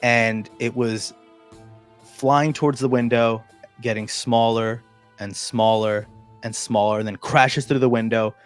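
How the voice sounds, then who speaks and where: A man's voice: mid-range voice, steady tone, a little slow, faint music behind. A man hosting a casual chat, telling a long story with many restarts and fillers. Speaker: podcast host.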